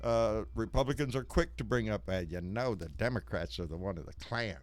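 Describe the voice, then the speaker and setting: A man's voice: lowish voice, brisk. A middle-aged man, hosting a live stream in casual, rambling, folksy chat and swearing freely. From Texas. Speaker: live show host.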